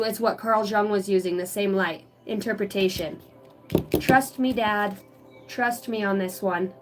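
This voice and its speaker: A woman's voice: mid-range voice, rough recording. A woman giving an intuitive oracle card reading. She reads card text aloud and breaks into emotional, casual asides that include swearing. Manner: emotional, earnest. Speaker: psychic card reader.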